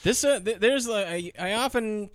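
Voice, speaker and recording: A man's voice: sits high, normal speed, over a noisy crowd. A man co-hosting a casual film podcast, rambling, swearing and acting out movie scenes as he talks. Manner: rambling, profane, acts out scenes. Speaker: podcast co-host.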